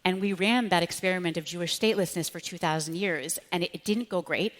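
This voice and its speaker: A woman talking with fervent conviction in a live onstage conversation, sometimes slipping into the voices of the people she quotes. Her voice sits a little low and rings out with a long reverb, as if in a large hall. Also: fast. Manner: impassioned, animated, acts out quoted voices. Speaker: author and speechwriter, guest.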